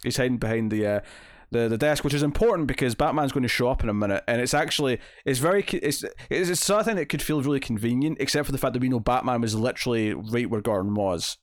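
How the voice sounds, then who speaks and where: A man's voice: medium pitch, fast. A man chatting casually about comic books, his voice sitting in a middle range. He rambles through fillers and restarts and slips into acted-out quotes as he goes. The sound is dry and close, with no room echo. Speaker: podcast co-host. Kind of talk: casual comic book discussion.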